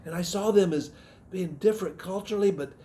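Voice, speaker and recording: A middle-aged man from the Southern United States giving a personal testimony in a sermon, earnest and reflective, often pausing and restarting his sentences. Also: high voice, dark tone, a little hiss or hum. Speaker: missionary speaker giving testimony.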